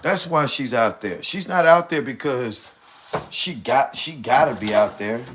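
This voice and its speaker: A man's voice: mid-range voice, lively intonation, measured pace, noisy background. A man talking casually on a live stream. He comments animatedly and repeats points for emphasis.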